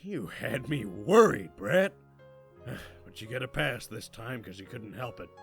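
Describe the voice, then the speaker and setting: A man puts on a coarse, gravelly monster king for an audiobook story, rough and husky with a fry in the throat. He is blunt and crude, grumbling through every line. His voice sits at an ordinary middle pitch, with a faint music bed under it. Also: expressive, measured pace. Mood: tender. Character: gruff crude male turtle-dragon king, blunt.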